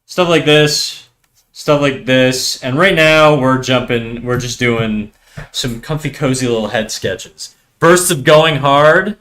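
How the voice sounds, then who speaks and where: Young Canadian streamer, easygoing, meandering talk at a desk mic. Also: male voice, mid-range voice, slow pace. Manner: relaxed, rambling, lots of fillers and restarts. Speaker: streamer and artist. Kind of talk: casual livestream chat while drawing.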